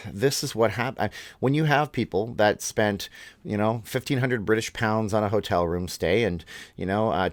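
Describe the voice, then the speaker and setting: A male vlog host delivers opinionated commentary, ranting as he goes and restarting his words. His voice sits on the low side. The recording is dry and close, with no room echo.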